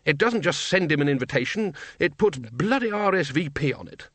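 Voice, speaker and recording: Male reader doing a blunt, bossy old head wizard, pitched up, dry close mic. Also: animated, a little fast, a bit bright, no room sound. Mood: confident. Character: blustering older male archchancellor wizard.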